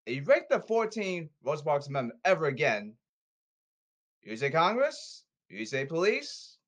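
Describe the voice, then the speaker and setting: A man's voice: on the high side, sing-song, normal speed, fairly bright tone. A man delivering an angry, repetitive rant, scolding and demanding, often stumbling over his words.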